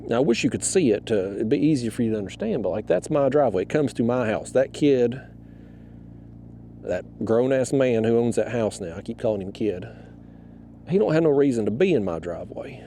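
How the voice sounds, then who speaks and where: A man in middle age talks outdoors on the water, his voice dark and mellow with a gravelly rasp. He tells a story in a loose, fired-up way, his pitch leaping around. A faint hiss sits under the camera mic. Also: lively intonation, a little fast. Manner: rambling, fired-up, swears freely. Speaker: fishing vlogger.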